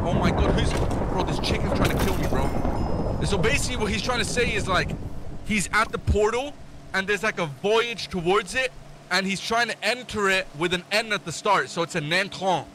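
Young male streamer, high-voiced, joking and excitable, game noise underneath. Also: normal speed. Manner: excitable, joking, mock-translating foreign phrases. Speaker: gaming streamer. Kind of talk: casual gaming chat.

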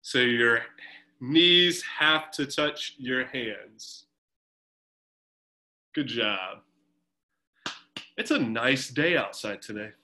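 A man's voice: medium pitch, lively intonation, very slow, pauses often, pushed and bright, poor audio. A man coaching a swim team through a home workout on a video call, giving chatty, encouraging instructions with fillers.

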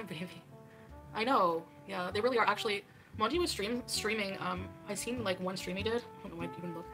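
Fast-talking, defensive woman streamer. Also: mid-range voice, over music. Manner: defensive, argumentative, talks over clips. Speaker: livestreamer reacting to videos. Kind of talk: casual livestream chat.

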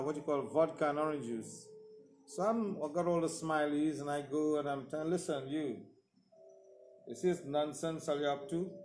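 A man giving a sermon testimony and telling stories in a lively way, acting out the voices of other people. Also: fairly high pitch, roomy sound. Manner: storytelling, acts out the voices of others in dialogue. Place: church service.

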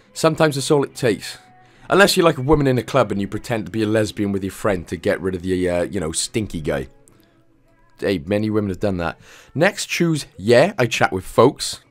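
A man hosting a game walkthrough in casual commentary, chatty and jokey, drifting into playful asides. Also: lowish voice.

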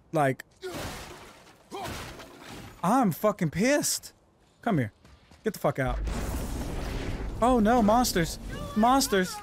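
A man streaming live gameplay, talking through fights with a lot of swearing and frustrated yelling. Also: high voice, slight background noise. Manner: excitable, swearing, yells in frustration. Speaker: gaming streamer. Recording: game music behind the voice.

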